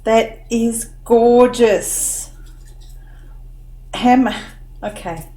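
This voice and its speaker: A woman's voice: fairly high pitch, very slow, warm tone. A woman filming a crafting unboxing vlog, gushing and tearful with lots of oohs and wows. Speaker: crafting vlogger.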